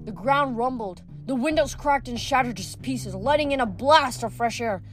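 A woman reading a novel aloud at a steady pace, sometimes stumbling and restarting a word. Her voice is slightly high, and quiet music plays underneath. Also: moderate pace. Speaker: reader.

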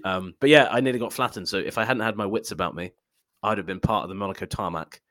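Fast-talking jokey man. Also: fairly low pitch, fairly bright tone, no room sound. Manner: jokey, rambling storyteller. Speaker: podcast co-host. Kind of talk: casual chat, storytelling.

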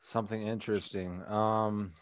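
A man's voice: lowish voice, level tone, moderate pace, a little hiss or hum. A man on a podcast over a video call, self-conscious and apologetic. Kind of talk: casual podcast banter. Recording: muffled lo-fi video call audio.

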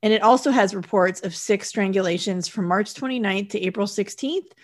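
A podcast co-host recaps a film in casual chat, walking through the plot step by step and reading out dates and times in a steady summary. Her voice is mid-range and fairly quick.

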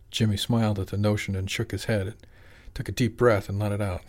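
A man narrating a novel in a steady, measured reading. His voice sits on the lower side. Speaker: audiobook narrator. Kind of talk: scripted narration.

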